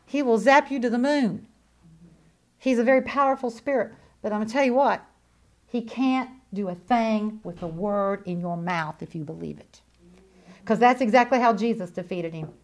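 A woman giving an animated sermon testimony, swinging between loud declarations and hushed asides. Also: fairly high pitch, moderate pace. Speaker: preacher.

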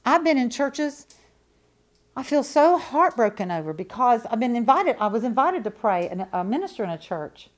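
A woman preaching a sermon with a fairly high voice. She is emphatic and repeats her points, swinging from loud declarations to hushed asides. Her delivery is conversational and folksy, full of rhetorical questions. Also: big pitch swings, normal speed.

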